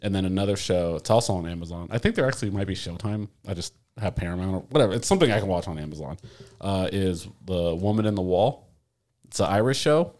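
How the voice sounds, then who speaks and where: A man's voice: deep voice, lively intonation, fast, a little mellow. A man co-hosting a podcast in casual chat, rambling with lots of fillers and swearing. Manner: rambling, filler-heavy, profane. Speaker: podcast co-host.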